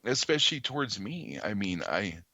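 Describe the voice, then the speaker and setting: Low-voiced man telling a story. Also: very animated, vocal fry, bright, forceful tone, no room sound, muffled recording. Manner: earnest, halting with many ums and restarts. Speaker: podcast guest. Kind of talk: storytelling in conversation.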